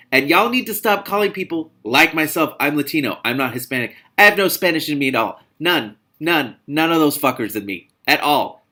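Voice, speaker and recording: A man reading a novel aloud with comedic commentary, sarcastic and exasperated, swearing freely and muttering the narration. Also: bright, forceful tone. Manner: reads narration in a low muttering voice. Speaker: reader and commentator.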